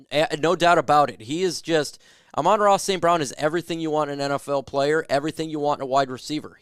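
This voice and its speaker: A man in a somewhat high register runs a casual fan livestream, reading out viewer questions and firing back loose, joking opinions. His voice comes through clean and smooth. The sound is dry and close, with no room around it. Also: no room sound. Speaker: sports talk livestream host. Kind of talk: casual live chat answering viewer questions.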